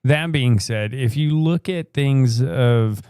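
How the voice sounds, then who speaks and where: A man's voice: medium pitch, slow pace, a little mellow, smooth, dry recording, clean studio sound. Rambling opinionated American man. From United States. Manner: rambling, opinionated, swears freely. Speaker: podcast co-host. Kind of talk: casual live podcast banter.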